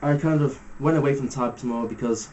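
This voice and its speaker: A man giving a casual step-by-step guitar lesson, talking through fret numbers in a relaxed way with fillers. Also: mid-range voice, normal speed, dull audio, slight background noise. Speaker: guitar teacher. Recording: loud guitar music under the voice. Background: electric guitar playing between phrases.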